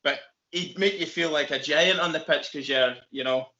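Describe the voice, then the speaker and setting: A Northern Irish man hosting a casual interview, eager and chatty, quick to laugh. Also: fairly high pitch, sharp tone, reverberant, muffled recording. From Northern Ireland. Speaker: interview host.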